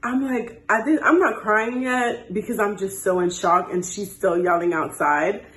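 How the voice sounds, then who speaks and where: A woman in her twenties telling a story on a casual story time chat, animated and jumping high when she quotes people. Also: normal speed, echoey room, poor audio. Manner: animated, jumps to high voices when quoting.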